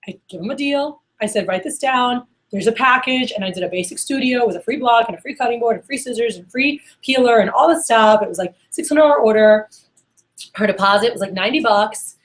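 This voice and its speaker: A woman sales manager telling stories at a workshop, acting out the phone calls she quotes. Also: a little high. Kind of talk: workshop storytelling.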